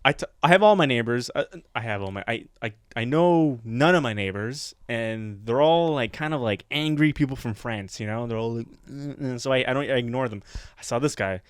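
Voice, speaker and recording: A man's voice: medium pitch, fairly quick, clean tone, dry recording, clean studio sound. Rambling laughing man on a podcast. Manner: rambling storyteller, laughs often, acts out voices in stories. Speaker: podcast co-host. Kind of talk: casual comedy podcast chat.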